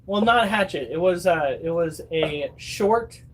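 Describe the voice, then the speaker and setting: A man in his thirties with a high voice talks to his phone at home, rambling through stories for his viewers. He swears freely and acts out what people said. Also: lively intonation, measured pace, a little hiss or hum. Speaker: vlogger. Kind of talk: casual storytelling to viewers.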